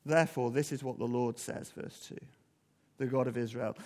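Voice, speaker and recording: A man's voice: mid-range voice, steady tone, moderate pace, darkish tone, long reverb tail. A man preaching a sermon in a conversational, earnest way, often putting questions to the congregation.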